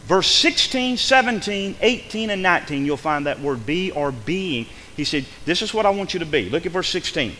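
A high, bright-voiced man preaching with wide, animated swings of pitch and a forceful edge. He moves from quiet, hushed stretches to fervent, loud declarations. His voice carries a long echo through a large hall, with a faint hum of noise underneath. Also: moderate pace, few pauses. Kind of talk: sermon.

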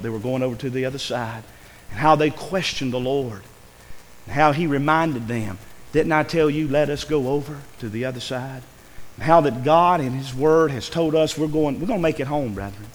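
A man's voice: mid-range voice, long reverb tail, slight background noise, poor audio. A man preaching a sermon in a church, earnest and pleading, his voice rising with emotion. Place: church sanctuary.

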